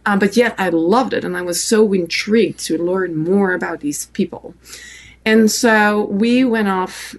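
A woman from France with a French accent, a podcast guest telling a long personal story in a relaxed way, with many fillers. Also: medium pitch, measured pace.

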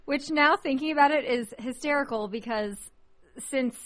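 A woman co-hosting a podcast, with a slightly high voice. She chats casually and stays wry and self-deprecating. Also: normal speed, a bit bright. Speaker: podcast co-host. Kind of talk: casual chat.

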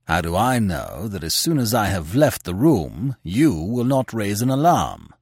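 A man voicing a calm masked male avenger who speaks low, measured and quietly menacing. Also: husky, no room sound, clean studio sound, exaggerated voice. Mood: calm menace.

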